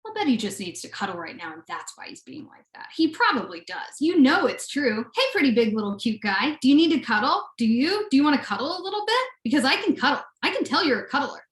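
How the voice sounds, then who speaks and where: A woman's voice: high-pitched, sing-song, fast talker, hardly any pauses. A woman giving a live poetry reading, her cooing baby talk swinging into mock-aggressive demands. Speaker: poet reading at a live event. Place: art gallery space. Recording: echoey gallery room.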